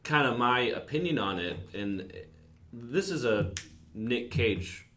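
A man co-hosting a casual movie chat, making his points in a measured, thoughtful way. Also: medium pitch, lively intonation, sharp tone. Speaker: podcast co-host.

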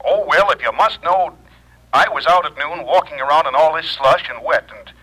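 An actor playing a husband coming down with a cold in a 1940s radio advertisement sketch, defensive and brisk. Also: male voice, fairly high pitch, pushed and bright, breathy edge, poor audio. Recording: old radio broadcast recording.

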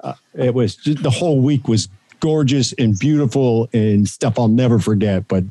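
Man, radio broadcaster, mellow dark voice, dry close sound, casual anecdotes. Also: medium pitch, moderate pace, slightly rough, no echo. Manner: storytelling, animated anecdotes. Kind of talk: casual interview chat.

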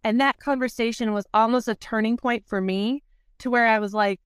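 A woman with a fairly high, smooth and resonant voice recounts her story candidly as a podcast guest. Her talk is loose and chatty, full of "like", and she slips into the voices of people she quotes. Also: fairly quick, dry recording, clean studio sound. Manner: candid, fills speech with "like", acts out past quotes. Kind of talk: conversational storytelling.

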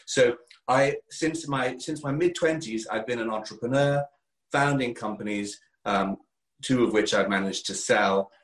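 A middle-aged man with an English accent from Kent, speaking clearly and articulately as a podcast guest. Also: medium pitch, a little slow, echoey room, rough recording. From England. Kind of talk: conversational interview.

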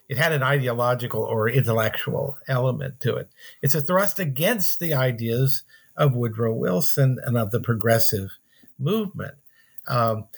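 Male author guest, mid-pitched voice, measured and halting, thinks aloud with frequent pauses. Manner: halting, with many pauses and restarts. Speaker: author being interviewed. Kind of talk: thoughtful interview answers.

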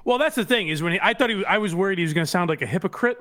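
Deadpan sarcastic guy, high voice that bounces around a lot. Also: racing, no room sound, clean studio sound. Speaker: podcast co-host. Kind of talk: casual commentary podcast.

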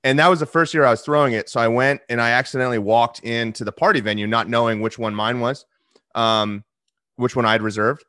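A man's voice: mid-range voice, steady tone, a little fast, fairly bright tone, no echo, clean studio sound. A man chatting casually as a podcast guest, rambling with lots of restarts and fillers. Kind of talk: casual chat.

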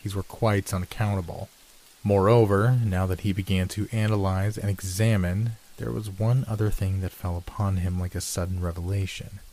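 Low mellow male storyteller. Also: flat delivery. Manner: measured storytelling, lifts pitch for dialogue. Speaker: narrator reading classic ghost stories. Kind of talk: scripted audiobook narration.

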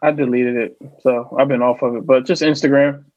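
Laid-back podcast guest, slightly muffled. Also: male voice, mid-range voice, steady tone, fairly quick, a little mellow. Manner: laid-back, agreeing, slangy. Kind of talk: casual chat.

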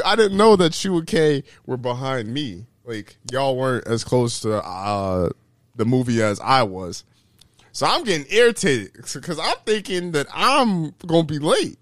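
A young man tells a story on a podcast with a lively, swooping voice and an animated delivery. He jumps into high voices for the people he quotes and laughs mid-sentence. The sound is dry and close to the mic. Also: moderate pace, dry recording. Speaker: podcast co-host. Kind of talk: casual storytelling chat.

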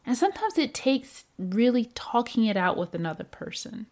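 A woman speaks as a self-help speaker, giving a reflective motivational talk in a calm coaching tone full of questions for the listener. Her voice runs on the high side at a normal pace.

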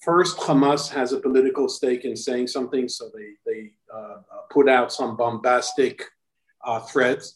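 A man's voice: mid-range voice, reverberant, low-quality recording. A man who is a former Israeli diplomat, giving analysis as a podcast guest in a conversational way with many restarts. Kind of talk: podcast interview answer. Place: Tel Aviv.

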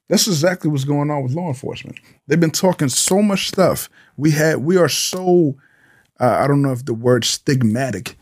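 A man from Honduras speaks as a police sergeant in an interview, his slightly high voice pressing the same questions again and again. He drives his points hard and breaks into little acted-out exchanges. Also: normal speed. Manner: emphatic, repeats questions, acts out mock dialogue. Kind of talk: animated interview talk.

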